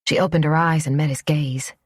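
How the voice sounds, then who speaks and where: A woman narrating a romance audiobook in a soft, even storytelling voice. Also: sits low, brisk, no echo, studio quality.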